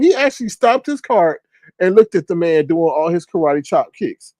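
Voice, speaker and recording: Lively-voiced man telling wild stories to a live chat. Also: moderate pace, no echo. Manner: animated, swings into loud high exclamations when retelling reactions; profane, streetwise, comic. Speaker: livestream host. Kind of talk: casual storytelling to a live chat.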